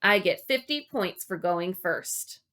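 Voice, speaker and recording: A woman voicing Wally, a nervous boy yelling his questions and worries. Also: fairly low pitch, expressive, slow pace, heavily acted.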